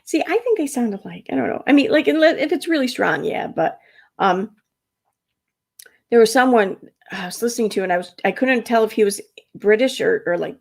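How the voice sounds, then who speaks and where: An American woman hosts a casual livestream, rambling with lots of fillers and laughing easily. Her voice is on the high side, creaky and a little mellow, with lively intonation and a brisk pace.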